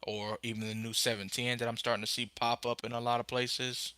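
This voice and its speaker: A young man hosting a casual tech podcast over a phone live stream, rambling with many fillers and bursting into excitement about phones. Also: medium pitch, brisk, smooth, no echo. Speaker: podcast host.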